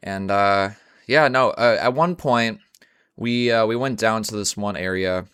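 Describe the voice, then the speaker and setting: A man's voice: lowish voice, measured pace, a bit bright, clean tone, no echo, studio quality. A young man telling a rambling, profane, slang-heavy story at home in a casual monologue, full of fillers.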